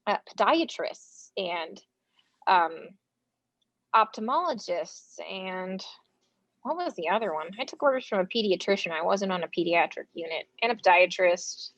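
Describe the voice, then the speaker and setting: An American woman, a nurse, talks casually in an interview and tells lively stories, acting out quoted dialogue with plenty of fillers. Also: medium pitch, normal speed, no echo. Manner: animated, acts out quoted dialogue; casual speech with frequent fillers. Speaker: front line nurse, interview guest. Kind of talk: conversational interview storytelling. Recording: dull lo-fi sound, dry room.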